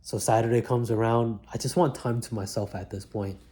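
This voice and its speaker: A man's voice: mid-range voice, fairly even intonation, brisk, mellow. A man telling his own story in one reflective take, in casual slangy talk full of "like" and "man". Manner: casual slangy talk, many likes and mans. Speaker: vlogger recounting his life. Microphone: single mic, one take.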